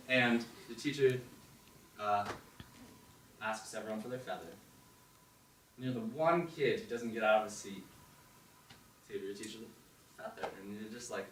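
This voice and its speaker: A man's voice: fairly low pitch, brisk, long pauses, a little hiss or hum. Young man telling a story in an echoey hall. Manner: animated second-person narration with acted-out inner voices. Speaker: open mic performer. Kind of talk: spoken storytelling on stage. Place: performance hall with audience. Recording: echoey hall, distant mic, faint ambience.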